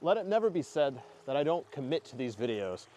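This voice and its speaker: A man's voice: medium pitch, sing-song, fairly quick, mellow, faint music behind. A young man talking casually and earnestly to camera, rambling with fillers and restarts as he reflects on his year. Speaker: spiritual content creator. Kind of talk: casual reflective vlog talk.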